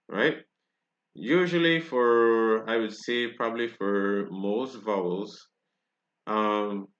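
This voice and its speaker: Slow, low Barbadian man teaching French. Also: fairly bright tone, highs cut off. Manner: unhurried, checks in with "right?" after each point. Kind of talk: pronunciation lesson.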